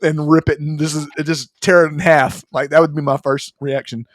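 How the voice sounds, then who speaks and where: A man, co-hosting a casual podcast, jokey and excitable, with the occasional swear. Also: a little high, moderate pace, dry recording, studio quality. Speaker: podcast co-host. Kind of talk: casual chat.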